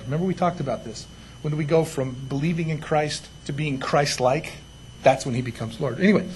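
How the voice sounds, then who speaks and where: High-voiced man preaching conversationally. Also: slight background noise. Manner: conversational preaching, many asides and rhetorical "right?". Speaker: pastor. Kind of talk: sermon.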